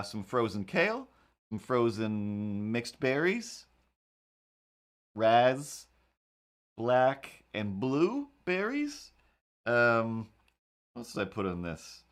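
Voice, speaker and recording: A man's voice: medium pitch, huge pitch swings, takes it slowly. A man chatting casually while he draws, rambling in a wry, incredulous way. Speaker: cartoonist streamer. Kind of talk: casual chat while drawing.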